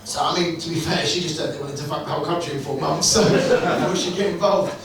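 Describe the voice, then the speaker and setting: Performing stand-up in a comedy club, a man speaks fast in a slightly high voice with fairly even intonation while a crowd is heard behind him. His jokes are crude and full of swearing, told in a wry storytelling way, and the distant-mic recording of the room is echoey and noisy.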